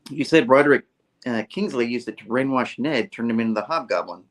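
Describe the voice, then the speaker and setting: A man's voice: medium pitch, brisk, lightly acted. A man voicing a nervous young woman reporter in a raised voice while reading a comic aloud. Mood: urgent. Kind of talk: comic book read-aloud.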